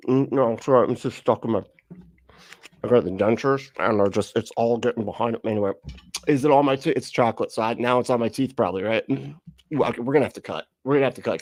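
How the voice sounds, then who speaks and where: A man's voice: medium pitch, no room sound. Man, streamer, mocking reaction commentary, sarcastic, laughs a lot, dry close sound.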